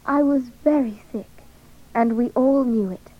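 A woman narrating a story in the first person, reading clearly and deliberately. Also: a little high, narrow, tinny audio.

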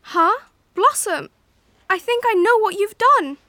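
Squeaky fretful schoolgirl. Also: animated, takes it slowly, bright, forceful tone, exaggerated voice. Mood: anxious. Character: anxious excitable schoolgirl Deva.

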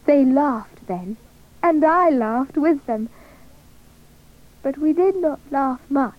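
A woman with a high voice narrates a story in the first person at a slow, deliberate pace. The recording is slightly muffled and carries a faint hiss. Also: animated.

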